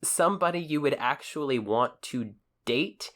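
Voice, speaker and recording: A man co-hosting a podcast in casual chat, with a voice of ordinary middle pitch. He speaks in an earnest, measured way and introduces each segment and listener shout-out with steady care. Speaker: podcast co-host.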